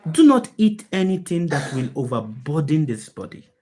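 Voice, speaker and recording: Low-voiced woman teaching with emphatic questions. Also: very animated, moderate pace, dark tone, husky. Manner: emphatic, asks the listeners many rhetorical questions; repeats key phrases for stress. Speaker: spiritual teacher. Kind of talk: spiritual talk to an online group.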